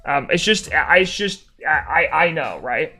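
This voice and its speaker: A young man streaming live, chatting casually with viewers and telling an animated story with dry sarcasm. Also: fairly high pitch, measured pace, faint music behind.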